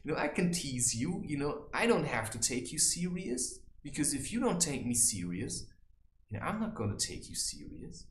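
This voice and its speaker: A man giving advice in a rambling casual monologue, saying "you know" constantly and mocking people in high teasing voices. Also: big pitch swings, moderate pace, echoey room, a little hiss or hum. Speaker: vlogger giving life advice.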